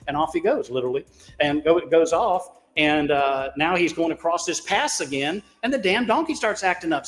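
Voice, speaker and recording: Brief: man, co-host, slightly high voice, rambling and profane, long reverb on the audio. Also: fairly bright tone. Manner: rambling, profane storyteller, laughs at himself. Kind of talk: casual group chat.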